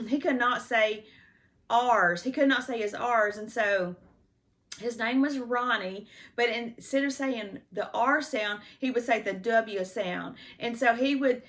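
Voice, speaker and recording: A woman in her fifties with a slightly high voice tells her life story in a loose, meandering way. She fills her sentences with "you know," trips over restarts and stops to glance at her written notes. The talk is unscripted and homespun. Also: a bit bright. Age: 50s. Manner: rambling, heavy use of "you know" and restarts; checks written notes between stories. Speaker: personal storyteller. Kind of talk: casual life-story monologue.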